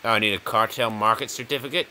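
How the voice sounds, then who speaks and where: Bright-voiced man rambling over a game. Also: fairly low pitch, fairly even intonation, fast talker, slight background noise. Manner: rambling, jokey, chuckles often. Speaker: gaming video host. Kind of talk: casual let's-play commentary.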